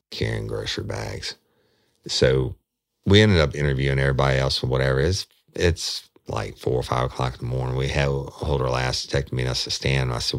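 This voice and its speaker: Very deep-voiced man telling a crime story. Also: creaky, fairly bright tone, no room sound, studio quality. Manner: rambling, folksy, swears casually. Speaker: former detective, true crime host. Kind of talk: casual true crime storytelling.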